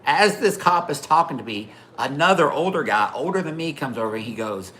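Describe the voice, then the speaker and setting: Bright-voiced man swearing through live anecdotes. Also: fairly high pitch, animated, a little fast, a little hiss or hum. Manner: talks to viewers by name between stories. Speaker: livestream host. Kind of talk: casual storytelling to a live chat.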